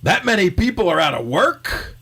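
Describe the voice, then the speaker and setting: A man's voice: high voice, big pitch swings, moderate pace, creaky, bright, forceful tone, husky, pitched above the performer's own voice, full character voice. A man playing a confused comedian in a double-act sketch, firing bewildered questions. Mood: baffled. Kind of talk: reading a comedy sketch script.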